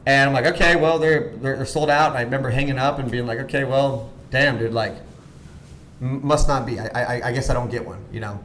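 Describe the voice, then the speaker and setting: A man in his thirties telling a story on a podcast as a guest, animated and full of "like", acting out the voices of people he quotes. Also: mid-range voice, a little fast, echoey room, a little hiss or hum. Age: 30s. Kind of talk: casual storytelling chat.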